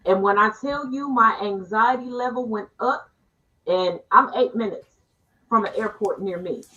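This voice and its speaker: A woman hosting a casual online panel, telling stories with quick asides and playful teasing over a video call. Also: a little high, bright, forceful tone, dull audio. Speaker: panel host.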